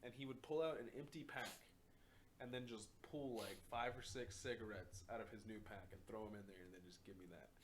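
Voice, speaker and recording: A man's voice: on the low side, a little fast, noisy background. A man hosting a podcast in casual chat, telling rambling, profane stories and often laughing at his own jokes. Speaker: podcast host.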